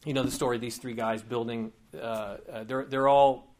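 A man's voice: mid-range voice, fairly even intonation, moderate pace, darkish tone. A man giving a conversational teaching sermon, informal and digressive, with frequent asides and light humor.

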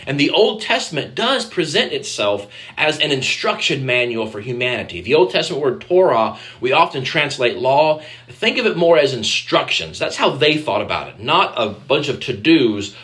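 A man's voice: medium pitch, big pitch swings, normal speed, hardly any pauses, a bit bright. A man preaching a conversational sermon, speaking directly to the children in the congregation and acting out quoted voices. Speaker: pastor.

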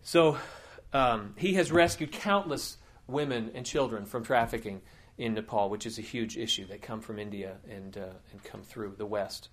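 A man's voice: fairly low pitch, normal speed, a bit bright. A man preaching a sermon as a teaching elder, telling a story earnestly with many fillers and restarts. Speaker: pastor.

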